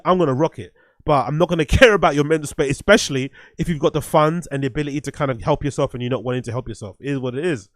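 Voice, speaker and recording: A blunt man hosts a casual livestream, swearing freely and circling back over his points. His voice sits a little high for a man. The recording is close and dry. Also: dry recording. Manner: blunt, profane, rambling with restarts. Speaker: streamer host reviewing music.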